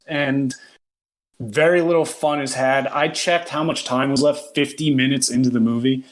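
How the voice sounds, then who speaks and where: Brief: male podcast co-host, mid pitch, casual and amused, recapping a film with laughs. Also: moderate pace. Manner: animated storytelling, laughing at the film. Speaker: podcast co-host reviewing films. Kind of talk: casual chat.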